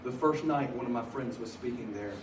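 Animated preacher in an echoey hall. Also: male voice, medium pitch, a little fast. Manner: animated storyteller, swings from loud laughing bursts to hushed earnest telling. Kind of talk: comedic preaching story. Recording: echoey hall from far off, noisy.

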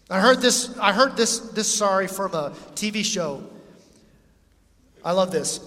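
A man's voice: sits high, moderate pace, bright, forceful tone. A man preaching a sermon in a conversational way, reading scripture and acting out quotes. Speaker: pastor. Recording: long hall reverb.

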